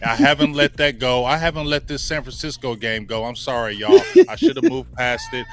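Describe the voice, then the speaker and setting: A man's voice: mid-range voice, wildly swooping pitch, fairly quick, crowd noise. A man co-hosting a sports talk show, speaking with passion and repeating himself for emphasis. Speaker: sports podcast co-host. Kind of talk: heated casual sports talk.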